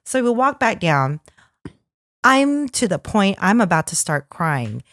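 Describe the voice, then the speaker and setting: Woman, podcast co-host, casual storytelling, very lively pitch, dry close sound. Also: unhurried, no room sound. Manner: animated, lively storyteller who acts out quotes.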